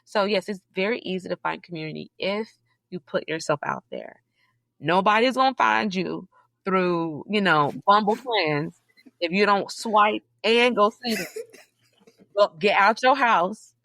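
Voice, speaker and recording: Woman, gravel in the voice, dry close sound, emphatic storyteller, interview guest. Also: a little slow, no echo. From Southeast Georgia, US. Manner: animated, emphatic storytelling with sudden high, loud peaks. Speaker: podcast guest, librarian. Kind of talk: casual interview conversation.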